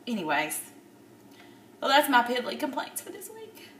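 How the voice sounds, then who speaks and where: A woman in her thirties recording a personal video diary. She is upset and near tears, and she talks haltingly with many pauses and fillers. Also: high-pitched, wildly swooping pitch, fairly bright tone, far from the mic, a little hiss or hum. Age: 30s. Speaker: vlogger. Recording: roomy echo, a bit off-mic.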